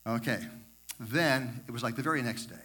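An older man shares a homespun devotional story in a bright, forward voice. He rambles, doubles back on his words and adds chatty asides, like an informal talk to a church group. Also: mid-range voice, normal speed, slightly rough. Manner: rambling, repeats words, self-correcting asides. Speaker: speaker sharing a devotional story.

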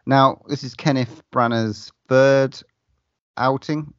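A man's voice: medium pitch, steady tone, takes it slowly, dry recording, highs cut off. A man co-hosting a casual film podcast, laid back and swearing casually. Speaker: podcast co-host.

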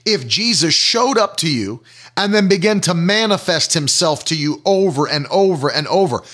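Animated man preaching a sermon. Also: a little high, moderate pace. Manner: teaching with questions and examples, repeats phrases for emphasis.

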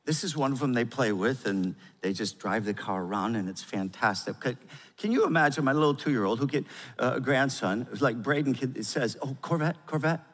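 An older man preaching a sermon as pastor, with emphatic delivery that swings from loud urgency to quiet gravity. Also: medium pitch, lively intonation, normal speed. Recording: long hall reverb.

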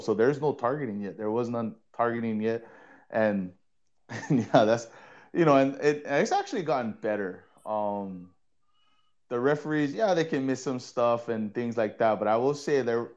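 Lively man telling football stories. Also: medium pitch, muffled recording. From Hawaii. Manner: animated, laughing, repeats words while telling anecdotes. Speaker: co-host, former player and coach. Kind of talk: casual storytelling in a podcast chat.

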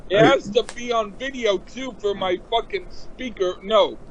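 A man's voice: high voice, a little slow, muffled recording, slight background noise. A man co-hosting a casual podcast chat who stammers, curses a lot and gets flustered, heard through a phone speaker. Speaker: podcast co-host. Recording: phone speaker, hollow sound.

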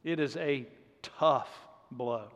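A man's voice: medium pitch, slow pace, a bit bright. A man in his thirties preaching a sermon in a conversational, earnest way, often dropping in "man" as he talks to the congregation. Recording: long hall reverb.

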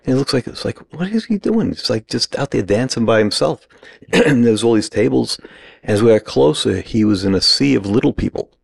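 A middle-aged man from New York, casually telling a lively anecdote and acting out the quoted lines. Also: medium pitch, brisk, gravelly, breathy edge. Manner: animated anecdote-teller, acts out quoted lines. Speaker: guest. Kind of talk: casual storytelling.

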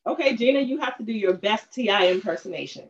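A woman in casual chat over a music quiz, animated and slangy, laughing as she talks. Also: mid-range voice, fast talker, a little hiss or hum. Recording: dull lo-fi sound.

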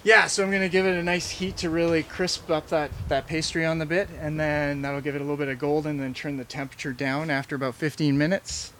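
A man's voice: fairly high pitch, flat delivery, quick pace, few pauses, a bit bright, slight background noise. A man chef teaching a live cooking class in a chatty, rambling way, with many fillers and restarts. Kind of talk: casual live cooking demonstration. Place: farm kitchen class with audience.

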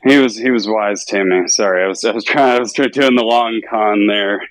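Man, low voice, playful banter, prank caller, dry sound. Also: brisk, dry recording, rough recording. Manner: playful, talks in a put-on tradesman voice. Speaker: podcast co-host making prank calls. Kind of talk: casual prank-call banter.

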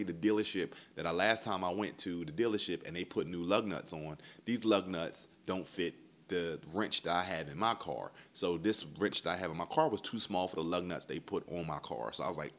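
Deep-voiced man ranting through a story. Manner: animated, profane, swings from low mutter to loud exasperation. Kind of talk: casual storytelling rant.

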